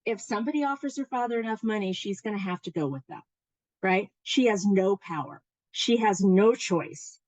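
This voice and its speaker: A woman runs an informal workshop, telling a story with an animated voice that rises and falls a lot. She talks in a chatty way, full of fillers and restarts. The sound is dry and close. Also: mid-range voice, moderate pace, no echo, poor audio. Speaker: workshop presenter.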